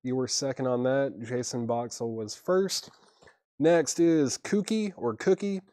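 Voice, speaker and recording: Laid-back guy running a live record sale stream, mid-pitch voice, dry close sound, reads prices and names off easy. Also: measured pace, dark tone, no echo. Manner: easygoing, reads prices and buyer names, chuckles at himself. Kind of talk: casual live-stream selling.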